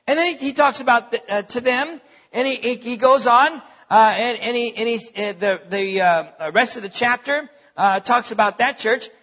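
High-voiced man preaching in a big hall. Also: moderate pace, sharp tone. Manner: emphatic preaching with repeated phrases and fillers. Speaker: pastor. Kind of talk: sermon. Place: church sanctuary. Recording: lo-fi with long hall reverb.

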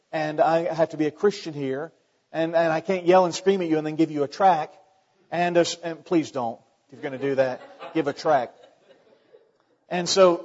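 A man's voice: on the high side, a little mellow. A man preaching a sermon in a conversational way, firing off rhetorical questions and often restarting his sentences. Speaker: pastor. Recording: muffled sound with long hall reverb.

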